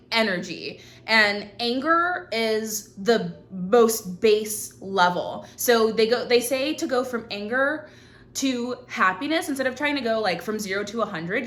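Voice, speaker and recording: Hosting her own show from a hot indoor room, a woman with a medium-pitched, slightly bright voice chats to camera. Her advice is frank and profane, delivered bluntly like one girlfriend talking to another.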